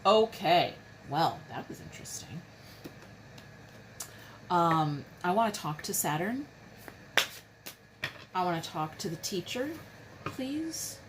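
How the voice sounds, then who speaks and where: A woman's voice: on the low side, expressive, slow, long pauses, background noise. A woman giving a casual, chatty tarot reading from home, talking straight to her viewers and putting questions to the cards. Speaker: tarot reader.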